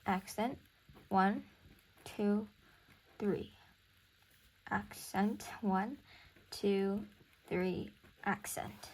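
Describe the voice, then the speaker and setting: Slow, relaxed young woman tutor. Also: medium pitch. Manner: relaxed, thinking aloud, counting beats slowly. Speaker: music theory tutor. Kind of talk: casual recorded lesson.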